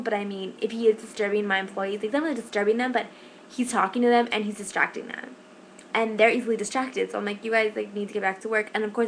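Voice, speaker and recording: Fast-talking young woman venting in a vlog. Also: a little high, fairly bright tone, slight background noise, low-quality recording. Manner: fast, rambling, exasperated retelling with many "like"s. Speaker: shift manager. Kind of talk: casual vlog storytelling.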